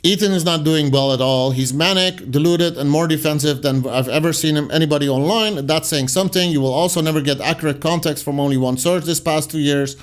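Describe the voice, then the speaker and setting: A man's voice: on the high side, a little fast, hardly any pauses. A man hosting a commentary channel, casually reading viewer comments aloud and answering them with rambling, sarcastic asides that trail off into mutters.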